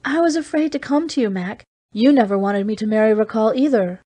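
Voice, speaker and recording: A woman reading an audiobook, voicing a young woman in shock with high, strained, breaking pleas. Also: a little fast, warm tone, close to an everyday voice. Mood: earnest.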